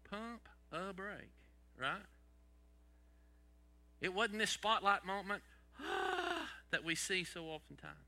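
A man's voice: sits high, very animated, takes it slowly, pauses often, pushed and bright. A man preaching a sermon as pastor, asking the congregation rhetorical questions and dropping folksy sayings.

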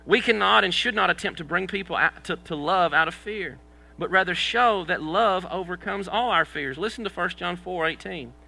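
A man preaching to a church congregation, his slightly raised voice grainy with fry. His tone is very bright and forceful. He keeps it conversational, tossing questions to the room and joking about his own failings. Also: high voice, moderate pace, rough recording. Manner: conversational preaching, asks the congregation questions, self-deprecating humor. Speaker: pastor. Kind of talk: sermon.

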